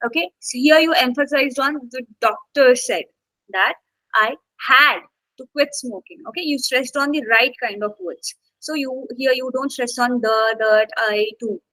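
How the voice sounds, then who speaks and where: A woman's voice: sits high, a little slow, bright, forceful tone, dry recording, low-quality recording. Woman teaching an online class, dry sound. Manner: encouraging, coaxing students with fillers. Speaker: English instructor.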